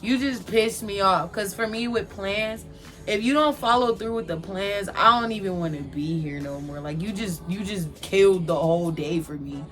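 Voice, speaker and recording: A young adult woman telling a casual storytime from her own life, animated, slangy and candid. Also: mid-range voice, moderate pace, faint music behind. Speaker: vlogger telling a personal story.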